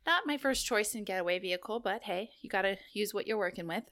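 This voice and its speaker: A woman's voice: medium pitch, lively intonation, fast, fairly bright tone. A woman co-hosting a podcast, chatting casually, giggling and joking, and reading out a list. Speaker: podcast co-host.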